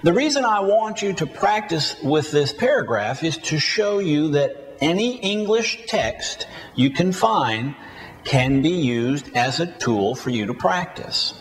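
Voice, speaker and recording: A man teaching a recorded spoken-English lesson, reading model sentences slowly and deliberately for learners to repeat. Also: a little high, lively intonation.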